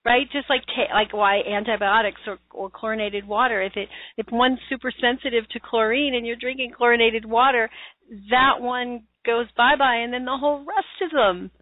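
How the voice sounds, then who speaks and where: A woman's voice: a little high, fairly even intonation, moderate pace, no room sound. A woman host in a casual interview who affirms her guest and asks curious follow-up questions. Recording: tinny phone line.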